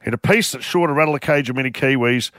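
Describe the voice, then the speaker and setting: A man's voice: mid-range voice, quick pace, fairly bright tone, no room sound. A man co-hosting a jokey radio show, teasing and mock-outraged. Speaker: radio co-host. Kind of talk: jokey breakfast radio banter.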